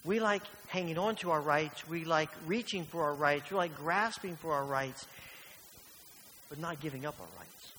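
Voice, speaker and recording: A man's voice: on the high side, moderate pace, pushed and bright. A man preaching a sermon in a church, earnest and fond of rhetorical questions. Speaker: pastor. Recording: reverberant church hall with faint hiss.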